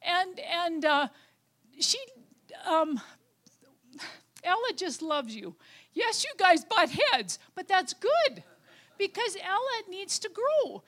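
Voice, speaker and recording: Older woman, high-pitched, speaking to her congregation in a warm, rambling, heartfelt way with lots of pauses and restarts. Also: sing-song. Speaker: lay speaker at church. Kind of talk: informal church talk and testimony.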